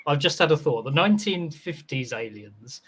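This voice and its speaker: A man on a film podcast, chatting casually and hesitantly with many halting fillers. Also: a little high, expressive, fairly bright tone, slightly rough. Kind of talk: casual chat.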